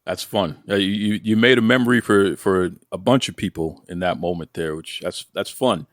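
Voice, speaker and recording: Male interview host, fairly low voice, dry close recording, playful and upbeat. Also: normal speed, no room sound. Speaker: podcast host.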